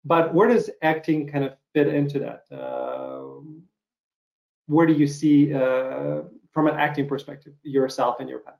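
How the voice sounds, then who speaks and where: Relaxed male interviewer, muffled echoey sound. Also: a little high, a little slow, creaky. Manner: relaxed, with many fillers and affirmations. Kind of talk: casual interview.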